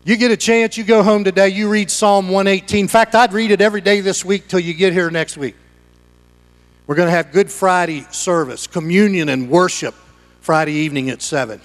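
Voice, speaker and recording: A middle-aged male pastor with a high voice preaches fairly quickly in his church. He swings between quiet, conversational asides and excited, loud shouting meant to drive the congregation on.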